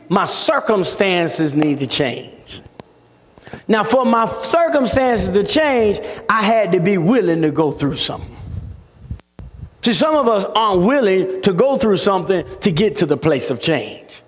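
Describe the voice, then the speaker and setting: High-voiced preacher man in a reverberant hall. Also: sing-song, unhurried. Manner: dramatic preaching, big pitch swings, shouted peaks. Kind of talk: sermon. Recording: long reverb of a large hall.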